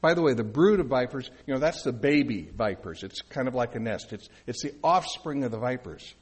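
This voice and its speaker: Husky, lively-voiced male pastor preaching. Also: mid-range voice, a little fast. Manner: conversational preaching with asides to the congregation. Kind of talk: sermon.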